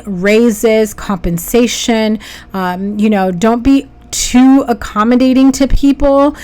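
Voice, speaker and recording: A woman with a somewhat high voice gives a casual tarot reading straight to her viewers. She talks in a chatty, upbeat way and keeps checking in with them. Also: darkish tone. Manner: chatty, upbeat, addresses viewers directly with frequent "okay?". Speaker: tarot reader.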